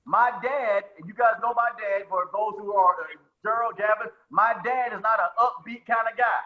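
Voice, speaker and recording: A man's voice: high voice, steady tone, moderate pace, pushed and bright, poor audio. A man coaching a live webinar on sales presentations, who talks with energy, repeats his phrases and calls on attendees by name.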